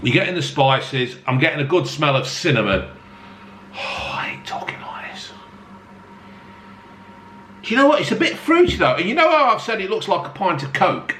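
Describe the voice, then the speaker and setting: A man talks through a beer tasting in a blunt, foul-mouthed, joking way. His bright, fairly high voice swings up and down a lot. The sound carries a roomy echo. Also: sing-song, fast talker, few pauses, slight background noise. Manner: blunt, heavy swearing, jokey self-mocking asides. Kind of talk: casual beer review to camera. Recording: echoey room with faint ambience.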